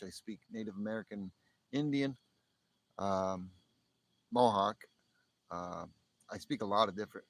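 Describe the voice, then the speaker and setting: Rambling chuckling man with a low voice. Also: rough recording. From northern US near the Canadian border. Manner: rambling, chuckles often, restarts sentences. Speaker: livestream host. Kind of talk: casual live-stream chat.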